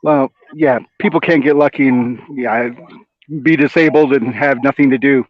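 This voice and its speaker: A man's voice: mid-range voice, fairly even intonation, moderate pace, highs cut off. A man chatting casually on a football fan call, talking in a rambling, easygoing way.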